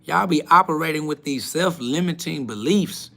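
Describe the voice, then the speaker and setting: A man hosting a livestream, ranting at his chat in a blunt, confrontational and profane way, swinging between loud outbursts and low mutters. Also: lively intonation, normal speed, creaky. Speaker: livestream host. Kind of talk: casual livestream rant to chat.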